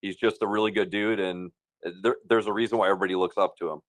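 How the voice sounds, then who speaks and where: A man co-hosts a casual group voice chat in a fairly low voice. The sound is dry and close, and he stumbles over repeated words while he talks warmly about the team. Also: steady tone, fast talker, no echo. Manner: friendly, vouching, stumbles on repeats. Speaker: co-host of a crypto voice chat.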